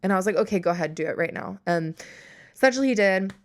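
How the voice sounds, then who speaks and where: A woman's voice: mid-range voice, expressive, fast. A young woman hosting a podcast, telling a story in casual chat, exasperated and sarcastic, swearing freely and acting out both sides of the conversation. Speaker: podcast host.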